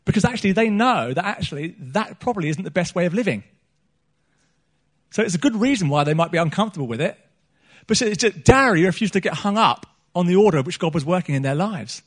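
Man, middle-aged, preacher, earnest sermon, slightly high voice, repeats and restarts phrases. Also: expressive, fast. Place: church meeting hall.

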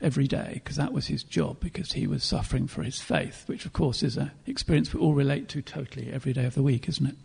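Gravelly, husky man preaching. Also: mid-range voice, fast talker, hardly any pauses, darkish tone. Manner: earnest, reflective, with throat-clearing and restarts. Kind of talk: sermon.

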